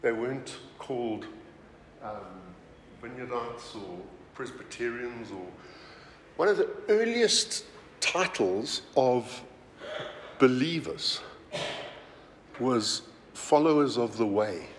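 A man preaching a sermon as pastor, talking in a conversational, animated way with many asides. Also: medium pitch, takes it slowly, pauses often, a little hiss or hum. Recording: roomy hall reverb, faint ambience.

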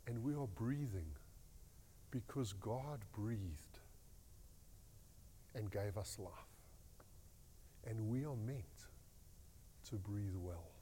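A man giving a rambling, animated devotional talk as a pastor. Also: lowish voice, slow, long pauses, in a large hall, a little hiss or hum. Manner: animated storytelling, rambling restarts.

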